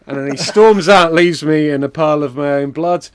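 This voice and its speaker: A man streaming a game, telling a rambling story in a lively, animated way with lots of fillers. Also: fairly high pitch, normal speed, few pauses, clear, resonant tone. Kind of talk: casual storytelling while gaming.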